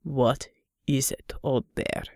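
A weary male leader with a dry, exasperated delivery, as a woman reader puts him on. He speaks low and slow, tired of the bear's antics. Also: fairly even intonation, vocal fry, a little mellow, dry recording, full character voice.

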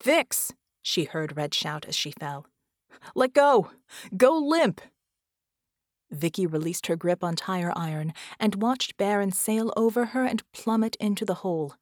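A woman reading an audiobook in a steady, even storytelling manner. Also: on the low side, moderate pace, hardly any pauses, dry recording, clean studio sound. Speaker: audiobook reader. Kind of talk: audiobook narration.

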